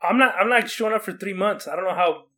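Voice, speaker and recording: A young man from Oregon tells a rambling story in casual chat, his words tumbling out quickly in a slightly high voice. He restarts often and acts out what people said. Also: sharp tone. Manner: rambling, many likes and restarts, acts out quotes.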